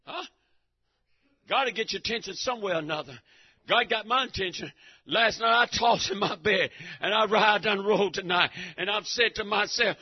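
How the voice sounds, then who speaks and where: A high, husky male voice preaching hard, with bursts of shouting that fall back into low, half-laughed muttering. The recording is dull and lo-fi. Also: normal speed. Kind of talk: fiery sermon.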